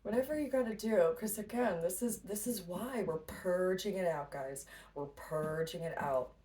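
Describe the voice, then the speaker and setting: A woman's voice: fairly low pitch, moderate pace, warm tone. A woman giving a casual spiritual pep talk as a tarot reader, blunt and profane, often laughing. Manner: blunt, swears freely, laughs a lot. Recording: distant mic with faint noise.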